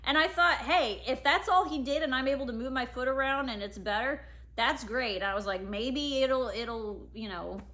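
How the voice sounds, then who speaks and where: A woman's voice: sits high, moderate pace, bright, forceful tone. A woman in her thirties casually telling a personal family story, acting out her own past words.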